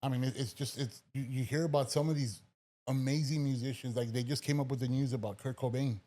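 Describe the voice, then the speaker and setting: A man hosts a relaxed studio podcast in an ordinary mid-range voice. He tells joking stories and acts out his own reactions as he goes. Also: medium pitch, quick pace. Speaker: podcast host. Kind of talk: casual podcast chat.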